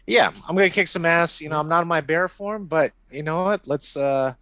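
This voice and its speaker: A man's voice: on the high side, a little fast, a bit bright. A man player in a tabletop game, talking in an eager, chuckling way. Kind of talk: casual in-character play.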